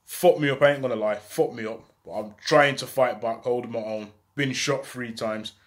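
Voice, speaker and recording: A man's voice: mid-range voice, fairly even intonation, normal speed. A young man telling a story in street slang, acting out the voices he quotes. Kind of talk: casual storytelling.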